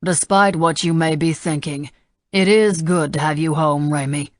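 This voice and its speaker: A woman's voice: sits low, moderate pace, no room sound, natural voice. A woman voicing a curt, dismissive middle-aged male senator, speaking dryly in an audiobook. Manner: dry, clipped.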